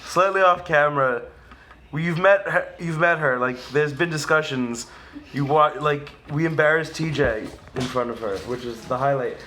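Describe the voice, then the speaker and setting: A man's voice: fairly high pitch, normal speed, pushed and bright, a little hiss or hum. A young man hosting a casual group chat at a summer camp, playful and rambling, often restarting his sentences. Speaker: video host, former camp staffer. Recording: roomy echo.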